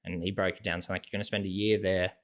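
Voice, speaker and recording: A man's voice: sits low, little pitch movement, fast, a bit bright. A young man in his twenties with an Australian accent, a podcast guest telling his story in a loose, casual way and filling his talk with "like" and "sort of". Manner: rambling, heavy use of "like" and "sort of" fillers.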